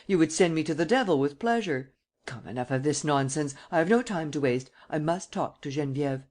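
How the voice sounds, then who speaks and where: A male narrator voicing a cool, cynical gentleman thief who speaks calmly and mockingly. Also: fairly high pitch, fairly quick, close to an everyday voice. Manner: calm, sardonic.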